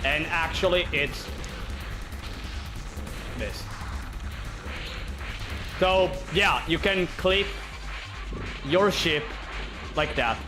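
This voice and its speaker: Streamer, male, slightly high voice, rambling gameplay chatter, soft game music behind. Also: drawn-out words, pauses often. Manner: rambling, excitable, swears and laughs when surprised. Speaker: streamer playing a shooter game. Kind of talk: casual gameplay commentary.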